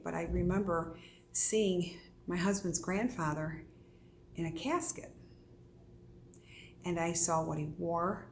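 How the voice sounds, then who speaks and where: A woman's voice: fairly low pitch, a little hiss or hum. Earnest woman telling a personal story. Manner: earnest storytelling, asks and answers her own questions. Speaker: psychic medium. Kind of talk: casual talk to camera.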